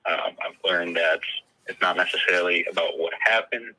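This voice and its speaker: A man's voice: low-pitched, moderate pace, bright, forceful tone, poor audio. A man practicing his testimony in a coaching session, hesitant and full of fillers and restarts.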